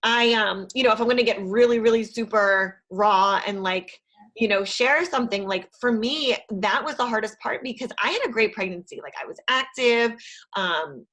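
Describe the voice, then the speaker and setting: Brief: casual, chatty woman podcast host, slightly higher voice. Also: moderate pace, fairly bright tone. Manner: casual, chatty, many fillers. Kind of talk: podcast interview.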